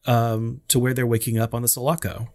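A man's voice: medium pitch, level tone, brisk. A man co-hosting a podcast, chatting casually about a movie and padding his sentences with "you know". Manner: rambling, frequent "you know" fillers. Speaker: podcast co-host. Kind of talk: casual film discussion.

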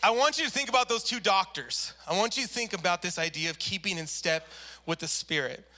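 A man's voice: high-pitched, fairly quick, pushed and bright. A man preaching a sermon, telling a story animatedly and acting out the people in it. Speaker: pastor.

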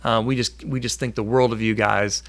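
A man's voice: lowish voice, steady tone, normal speed. A man hosting a casual live stream, upbeat and full of fillers, reading viewer comments aloud.

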